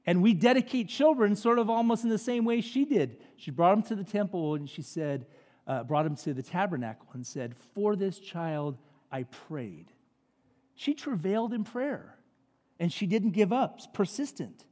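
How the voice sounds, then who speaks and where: A man preaching a sermon as pastor, animated and conversational, acting out voices in his stories. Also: high voice, moderate pace. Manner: animated, acts out quotes, conversational asides. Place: church sanctuary. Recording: long reverb of a large hall.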